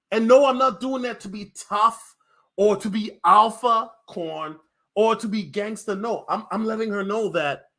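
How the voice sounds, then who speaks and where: A man's voice: high voice, fairly bright tone. A man hosting a casual livestream, talking in an emphatic, slangy way and repeating lines for punch. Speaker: livestream host.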